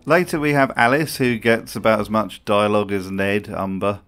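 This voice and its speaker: A man's voice: fairly low pitch, fairly even intonation, moderate pace, a bit bright, soft background music. A man giving scripted commentary for a video, sarcastic and profane in his remarks.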